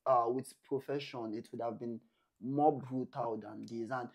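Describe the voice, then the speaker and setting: An animated man tells a story on a couple's vlog. He slips into voices for what other people said. His pitch sits in the middle of the range. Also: a little slow, creaky. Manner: animated, acts out quotes, Nigerian Pidgin touches. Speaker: vlog co-host. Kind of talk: casual storytelling chat.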